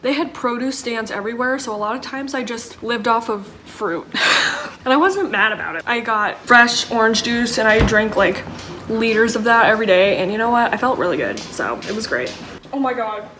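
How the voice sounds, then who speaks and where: A woman's voice: a little high, expressive, moderate pace. A young woman telling stories in a chatty, self-deprecating way while cooking in her kitchen. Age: young adult. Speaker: vlogger. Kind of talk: casual storytelling vlog. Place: home kitchen. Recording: echoey room, faint background noise.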